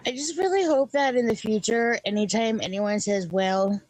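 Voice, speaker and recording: A woman's voice: on the high side, moderate pace, darkish tone, dry recording, poor audio. A young woman chatting casually on a panel show, playful and joking, swearing freely. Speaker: panel co-host. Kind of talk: casual chat.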